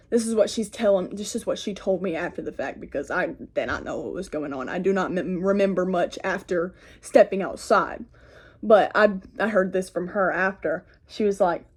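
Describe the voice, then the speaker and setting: A teenage girl with a drawl tells a story in a loose, chatty way, filling gaps with "like" and "y'all". She talks at a medium pitch, straight into a phone camera. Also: normal speed, breathy edge. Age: teens. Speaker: vlogger. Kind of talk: get-ready-with-me storytime.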